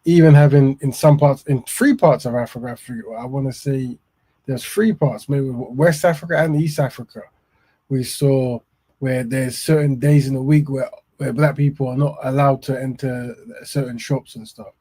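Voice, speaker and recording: A man hosting a podcast discussion, speaking in a measured way with hesitant restarts. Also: medium pitch, fairly even intonation, warm tone, breathy edge. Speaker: host.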